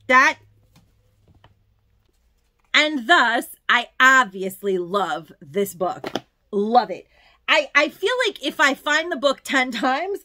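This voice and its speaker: A middle-aged woman talking through her shopping haul in a casual, chatty way. She gushes over what she found. Her voice is bright and forward, pitched a little high. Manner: effusive, chatty, gushing. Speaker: haul video host.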